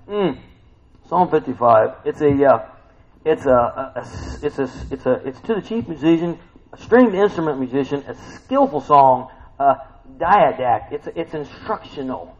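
A man preaching a sermon in a conversational way, often asking "right?" and "huh?", jumping from loud exclaims to quiet asides. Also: fairly high pitch, lively intonation, moderate pace, lo-fi sound.

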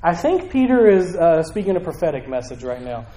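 A man with a Southern US accent preaching a sermon in a conversational, animated way. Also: fairly high pitch, brisk, roomy sound. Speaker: pastor.

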